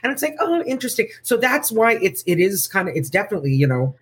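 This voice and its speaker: A woman stand-up comedian chatting as a podcast guest, animated and often acting out other people's voices. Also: medium pitch, fast talker, breathy edge. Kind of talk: casual podcast chat.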